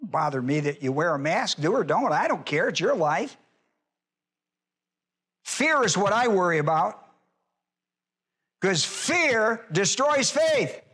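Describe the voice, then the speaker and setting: A man preaching a sermon in church in a folksy way, hollering at times and then dropping low, and acting out quoted voices. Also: big pitch swings, slow, long pauses, a bit bright, breathy edge. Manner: acts out quoted voices in a high pitch. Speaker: pastor.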